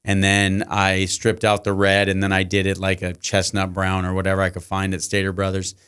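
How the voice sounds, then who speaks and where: A middle-aged man, a high school teacher as podcast guest, telling long anecdotes and acting out the dialogue. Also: monotone, brisk, fairly bright tone, clean tone. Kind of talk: casual podcast storytelling.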